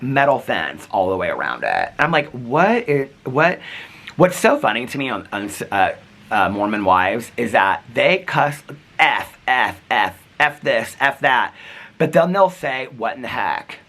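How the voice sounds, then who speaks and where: Animated chatty man telling a story. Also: fairly low pitch, slight background noise. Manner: chatty, animated, rambling with asides. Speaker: vlogger. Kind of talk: casual storytelling vlog.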